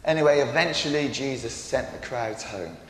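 Animated man telling a Bible story. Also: mid-range voice, normal speed. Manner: animated, playful, with frequent asides. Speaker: storyteller for a congregation. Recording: echoey hall with faint ambience.

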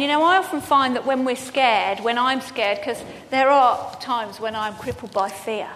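Female preacher, high voice, earnest and personal, recorded in a reverberant hall. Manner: earnest, personal, shifts between projected and soft-spoken. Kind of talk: sermon. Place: church hall. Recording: hall reverb, faint background noise.

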